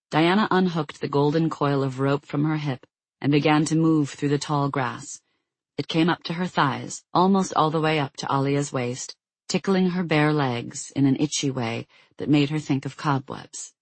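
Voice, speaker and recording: A measured, calm reading of a storybook. The voice sits in a middle pitch and is recorded close and dry in a small booth, with no room sound. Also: dry recording. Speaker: audiobook narrator. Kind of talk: scripted narration.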